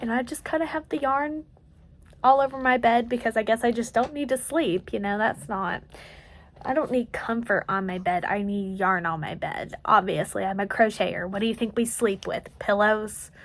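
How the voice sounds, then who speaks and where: An eighteen-year-old woman with a light Southern US country twang chats on a casual late-night crochet vlog at home. Her fairly high voice moves at normal speed as she rambles and jokes about herself.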